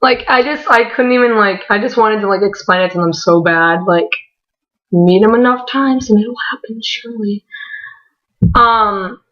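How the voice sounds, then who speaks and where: An excitable young woman chatting to her viewers. She giggles often, fills her talk with "like" and drops casual swears. Her mid-pitched voice comes through a dull, lo-fi home recording. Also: normal speed. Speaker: vlogger. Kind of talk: casual storytelling vlog.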